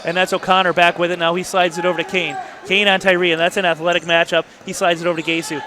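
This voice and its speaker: A man doing play-by-play for a high school basketball game in a school gym, rattling off the action quickly and breaking into excited shouts with folksy asides. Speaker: play-by-play announcer. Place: school gymnasium. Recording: cheering gym crowd and noise behind.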